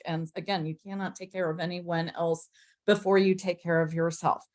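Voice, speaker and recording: A woman moderating a casual online panel discussion, easygoing and relaxed. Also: on the low side, brisk.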